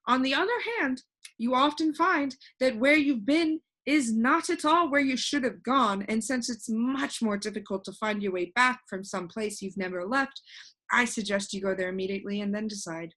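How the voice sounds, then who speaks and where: A woman's voice: fairly high pitch, moderate pace, a bit bright. A woman doing a fussy, scatterbrained ordinary man. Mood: rambling.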